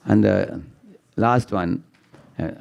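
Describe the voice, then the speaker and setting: A man giving a devotional storytelling lecture, chanting verses slowly and often asking the audience "huh?". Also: on the low side, vocal fry, darkish tone. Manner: chants verses in a slow singsong; tags lines with questioning "huh?" to the audience. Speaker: speaker giving a devotional class.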